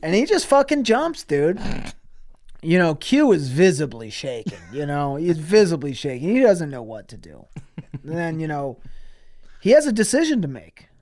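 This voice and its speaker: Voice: medium pitch, sing-song, darkish tone. A podcast co-host telling an improvised crude comedy story, giggling often. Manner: crude, giggling, unhurried riffing.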